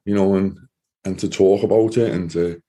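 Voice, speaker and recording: A low-pitched man telling his own story as an interview guest. His voice is mellow and dark, and he speaks in earnest, halting runs, often repeating himself as he goes. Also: fairly even intonation. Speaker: guest, former soldier. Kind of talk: personal testimony in an interview.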